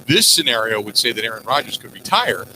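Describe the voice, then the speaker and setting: A man hosting sports talk radio, animated, rambling through listener messages and asides. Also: medium pitch, fast talker, noisy background. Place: outdoors at a golf course.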